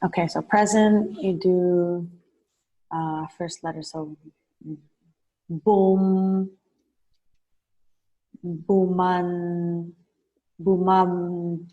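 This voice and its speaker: A woman's voice: on the low side, level tone, drawn-out words, long pauses, dark tone, muffled recording. A woman taking a one-on-one language lesson over a video call, tentatively sounding out words. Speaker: language student.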